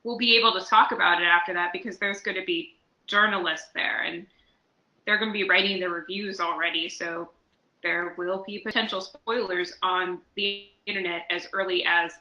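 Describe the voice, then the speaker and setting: A woman co-hosting a podcast in casual chat, with a bright, sharp voice. She spins playful, animated stories. The recording has a roomy echo around her. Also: lowish voice, moderate pace, highs cut off. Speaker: podcast co-host. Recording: echoey room recording.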